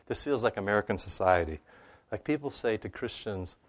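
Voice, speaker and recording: A man answering questions about scripture in a conversational teaching style, animated and full of "you know" and "right?" asides. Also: on the low side, a little fast.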